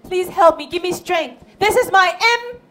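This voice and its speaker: A woman's voice: very high voice, a little slow. A woman telling a Bible story to a group of children, asking them questions and acting out the characters. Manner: expressive, asks children questions, acts out voices.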